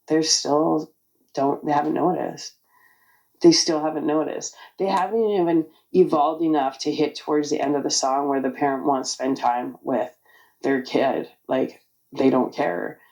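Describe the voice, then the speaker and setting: Raspy, gravelly woman in her forties. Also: deep voice, fairly even intonation, unhurried, a little mellow, rough recording. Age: 40s. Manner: candid, rambling with many "like" fillers. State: raspy from allergies. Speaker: vlogger. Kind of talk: casual personal vlog talk.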